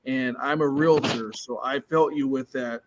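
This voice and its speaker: A man's voice: mid-range voice, steady tone, a little slow, noisy background. A man on a fan podcast, sharing his own experience in casual, direct chat. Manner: relating his own story, plain and direct. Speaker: podcast co-host.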